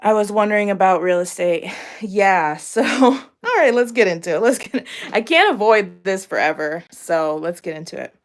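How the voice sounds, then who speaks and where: A young woman from Massachusetts chats casually with viewers while doing chores at home, rambling with lots of "like" and "um" and sounding a little out of breath. Her mid-range voice has lively intonation, normal speed, and hardly any pauses.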